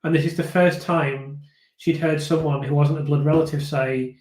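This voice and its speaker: Thoughtful British-based man, slightly high voice. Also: fairly even intonation, moderate pace, darkish tone, faint music behind. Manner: thoughtful, hesitant, many fillers and restarts. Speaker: host of a live viewer discussion. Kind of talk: casual live-stream chat reading viewer comments. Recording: echoey room.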